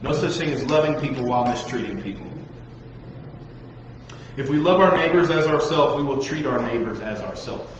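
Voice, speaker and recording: A man preaching a lively sermon to young listeners, talking straight at them and acting out the voices of the people he describes. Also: mid-range voice, normal speed. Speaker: pastor. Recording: dull, echoey hall recording with faint noise.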